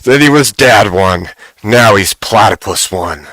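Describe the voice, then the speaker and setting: A man's voice: on the low side, lively intonation, a little slow, fairly bright tone, no room sound. A man hosting a live stream, chatting casually and joking with much laughter.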